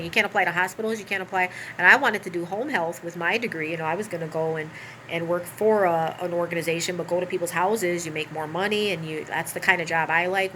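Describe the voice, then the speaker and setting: Bright-voiced woman telling an emotional personal story. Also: fairly low pitch, slight background noise, low-quality recording. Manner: animated, rambling, with many asides and fillers.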